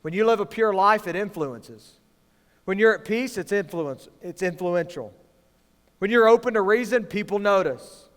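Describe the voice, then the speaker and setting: A man preaching to students as youth pastor, swinging from hushed lines to loud, emphatic ones. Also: sits high, lively intonation, normal speed. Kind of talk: sermon to students. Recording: long reverb of a large hall.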